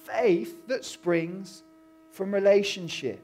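A man preaching a sermon in a conversational, animated storytelling way, acting out voices. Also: high voice, slow pace, faint music behind. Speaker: pastor.

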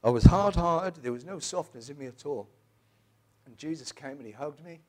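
A middle-aged man, telling his personal testimony in a church in an emotional, halting way with many restarts. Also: mid-range voice, a little mellow. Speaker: church member giving testimony.

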